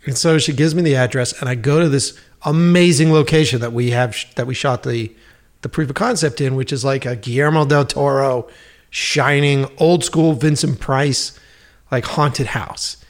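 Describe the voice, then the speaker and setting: A man's voice: medium pitch, moderate pace. A man telling filmmaking stories in casual chat, swearing freely and acting out the dialogue he quotes. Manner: profane, animated storyteller acting out quoted dialogue. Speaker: filmmaker guest.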